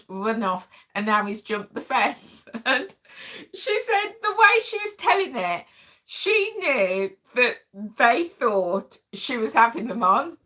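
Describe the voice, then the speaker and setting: A woman's voice: on the high side, bright, forceful tone. A middle-aged woman, casually telling an emotional story to her viewers as a vlog host. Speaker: vlogger host.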